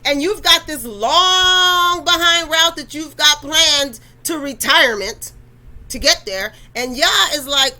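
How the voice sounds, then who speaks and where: A woman's voice: sits high, takes it slowly, sharp tone, low-quality recording. A woman hosting a faith talk, addressing listeners directly in a conversational, preachy way. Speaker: podcast host.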